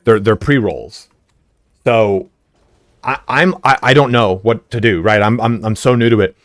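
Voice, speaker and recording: A man's voice: on the low side, measured pace, no echo, studio quality. A man streaming a game live, telling a rambling story full of fillers, swearing and laughs. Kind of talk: casual storytelling while gaming live.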